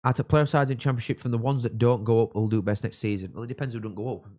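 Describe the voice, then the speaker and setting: A young man from England, hosting a live football watchalong and chatting with viewers, reacting loudly to goals. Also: mid-range voice, fairly even intonation, quick pace. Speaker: livestream host.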